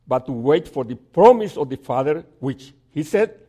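A man preaching a sermon, telling a story and reading scripture aloud, with halting repeats and dramatic pauses. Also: on the high side, expressive, mellow, slightly rough. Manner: reads scripture aloud slowly.

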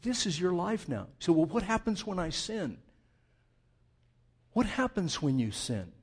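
A male pastor preaching a sermon in a conversational, animated way, asking his listeners rhetorical questions and often restarting his sentences. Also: sits high, a little slow, husky.

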